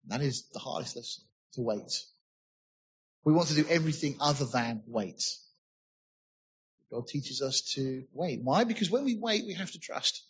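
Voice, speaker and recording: A man's voice: mid-range voice, lively intonation, moderate pace, pauses often, a bit bright, breathy edge, dull audio. A man preaching a sermon, earnestly explaining scripture and asking rhetorical questions.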